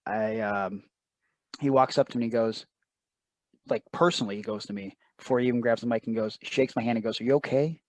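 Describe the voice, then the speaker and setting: A man's voice: mid-range voice, dry recording. Earnest man recounting a story. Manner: emotional, earnest retelling with quoted asides. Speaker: interview guest, wrestler. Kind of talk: casual storytelling interview.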